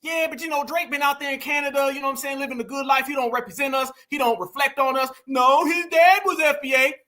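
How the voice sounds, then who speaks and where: A man's voice: very high voice, steady tone, fast, sharp tone. A man hosting an opinionated commentary stream, emphatic and preachy, calling out to his viewers. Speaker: commentary host.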